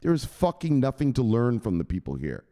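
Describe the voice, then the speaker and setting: Profane animated man in a roomy room. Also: medium pitch, normal speed. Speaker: crypto news show host. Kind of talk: casual livestream rant. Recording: roomy reverb.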